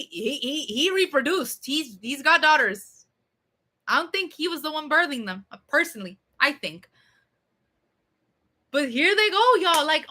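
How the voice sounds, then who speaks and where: A young woman chatting casually on a livestream, rambling and swearing as she goes. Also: sits high. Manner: rambling, animated, swears a lot.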